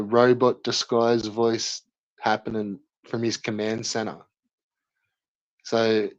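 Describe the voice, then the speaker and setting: A man's voice: mid-range voice, no room sound. A young man doing live stream commentary, mocking a rival in profane banter with lots of laughter. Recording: dry, slightly dull lo-fi mic.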